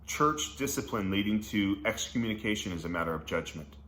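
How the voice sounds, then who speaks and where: A man reading Bible passages and explaining them in a casual, slangy way, breaking into excited asides as he teaches. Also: on the low side, a little fast. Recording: echoey room with faint background noise.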